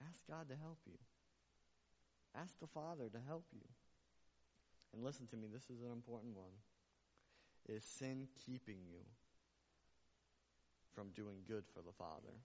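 In a church sanctuary, a male pastor preaches with earnest repetition, building toward emphatic appeals. His mid-range voice is a little mellow and a bit slow, broken by long pauses. The recording sounds muffled, with long hall reverb.

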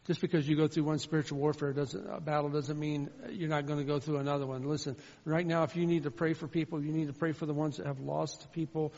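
Guy preaching, kinda high gravelly voice, gets loud then quiet, echoey hall. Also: flat delivery, fast, hardly any pauses. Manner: swings from loud fervent calls to quiet storytelling. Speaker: pastor. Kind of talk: sermon. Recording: dull sound with long hall reverb.

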